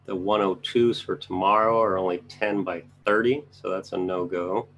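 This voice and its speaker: Gravelly low-voiced man talking through trades. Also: fairly even intonation, moderate pace, a bit bright, slight background noise. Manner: offhand, thinking aloud while scanning charts, chatty asides to viewers. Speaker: trading educator reviewing charts. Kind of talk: casual live market commentary.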